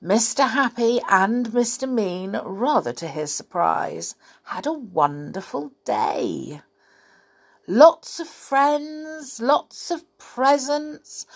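A woman reading a children's picture book aloud in an animated, playful, expressive way. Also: a little high. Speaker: storyteller.

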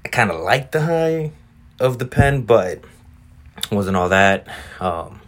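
A man's voice: on the low side, very animated, slow. A man hosting a casual solo podcast, rambling in a laid-back, profane way. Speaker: podcast host.

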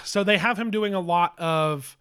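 A man's voice: sits high, normal speed, bright, forceful tone, smooth. Rambling, cursing man on a podcast. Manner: rambling, profane, mocks others in quoted voices. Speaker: podcast co-host. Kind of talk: casual chat.

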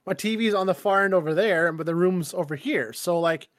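A man co-hosting a podcast in casual chat, excitable, swearing and laughing as he talks. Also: sits high, brisk, dry recording, clean studio sound. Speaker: podcast co-host.

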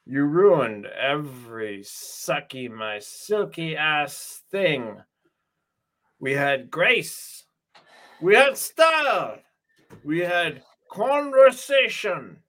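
A man voicing a bitter, pompous aging male villain who rants indignantly, raising his voice to shouts and drawing his words out. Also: on the high side, very animated, very slow, heavily acted.

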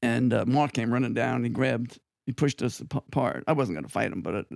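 An older man from Long Island, a guest musician telling rambling, animated stories with frequent asides in an interview. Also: medium pitch, fairly quick, vocal fry, dry recording, clean studio sound. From Long Island, New York. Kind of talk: anecdotal storytelling in an interview.

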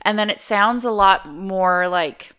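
A woman co-hosting a podcast in casual chat, with a soft, smooth voice, chatty and prone to tangents. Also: medium pitch, a little slow. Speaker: podcast co-host.

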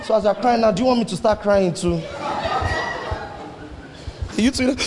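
A man preaching a sermon, animated and swinging his pitch up and down as he fires rhetorical questions at the congregation. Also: normal speed, crowd noise, background noise. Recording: long hall reverb, faint ambience.

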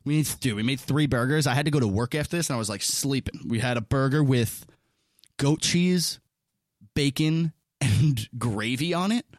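A man co-hosting a casual podcast chat, telling stories in an animated, profane way with frequent laughs. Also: mid-range voice, normal speed, dry recording, studio quality. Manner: animated, laughing, swearing storyteller. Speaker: podcast co-host.

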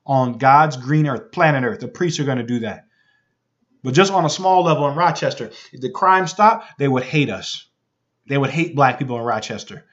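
A man's voice: medium pitch, animated, normal speed, a bit bright. A man reading news reports aloud and commenting on them. He repeats phrases for emphasis and keeps checking in with the listener. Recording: dull lo-fi recording.

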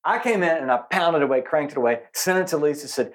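A man with a somewhat high voice talks fast as a podcast co-host in casual conversation. He is self-mocking and animated, laughs often, and lands hard on unusual words in his stories.

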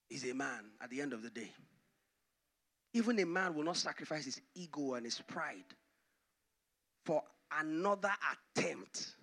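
A male pastor preaching a sermon, dramatically swinging from loud to hushed. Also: on the high side.

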